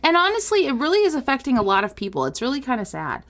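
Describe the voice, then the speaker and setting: A woman's voice: high voice, huge pitch swings, rapid-fire, a bit bright. A woman co-hosting a podcast in casual chat, giggling often as she talks. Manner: giggly, laughs often while talking. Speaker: podcast co-host.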